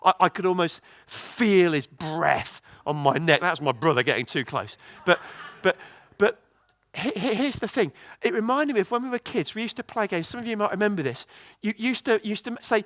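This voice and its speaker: Male preacher, high voice, animated storytelling sermon, stumbles and repeats words. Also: normal speed, hardly any pauses, dry recording. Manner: lively, storytelling, many restarts and repeated words. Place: church.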